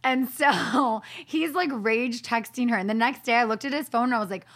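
A woman's voice: on the high side, normal speed. A woman hosting a podcast, telling stories in casual chat and acting out quotes, with lots of "like". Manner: animated storytelling, acts out quotes, frequent "like". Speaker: podcast host.

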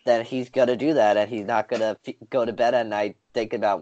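Low-voiced man on a dull lo-fi mic. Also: steady tone, fast talker, darkish tone. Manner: explains at length, reasoning point by point. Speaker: podcast co-host. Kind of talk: casual sports chat.

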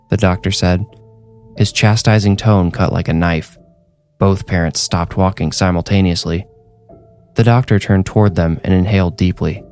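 Deep low guy reading a horror story, slow and deliberate, faint music under it. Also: steady tone, darkish tone. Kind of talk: scripted horror narration.

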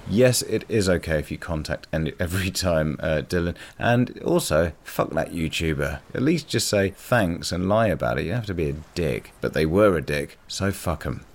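A man with a very low, deep voice hosts a podcast and reads listener submissions aloud. He rambles and swears freely, a bit tipsy from wine, and stays loose and self-deprecating. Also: expressive, normal speed, few pauses. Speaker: podcast host. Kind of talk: casual podcast chat reading listener submissions.

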